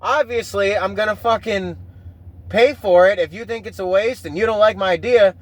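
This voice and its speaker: Casting: high-pitched male podcaster, loose rambling rant, swears a lot, keeps restarting thoughts. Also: moderate pace. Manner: profane, rambling, with frequent restarts. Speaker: podcast host. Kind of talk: casual rambling monologue.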